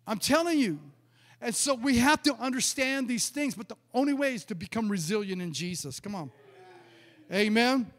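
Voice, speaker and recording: A man's voice: very high voice, animated, normal speed, a bit bright. A middle-aged man, a pastor, preaching and telling a story, acting out the dialogue and often repeating his words. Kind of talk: sermon with storytelling. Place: church. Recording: long church reverb.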